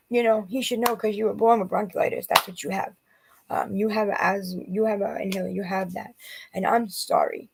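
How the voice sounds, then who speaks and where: A woman's voice: medium pitch, gravelly, breathy edge. A woman in her forties talking straight to the camera in a rambling, emotional personal vlog, often restarting her sentences as she vents. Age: 40s. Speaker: vlogger.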